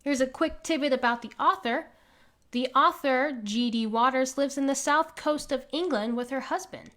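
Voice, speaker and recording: A woman reading a children's picture book aloud in an animated way, pointing out the pictures with small laughs. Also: high-pitched, normal speed. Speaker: conservation group organizer reading to children.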